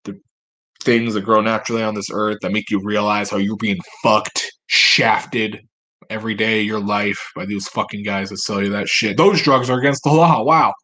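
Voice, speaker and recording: A man's voice: on the low side, monotone, normal speed, bright, forceful tone. A man ranting casually, rambling and sarcastic, with plenty of swearing. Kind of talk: casual rant.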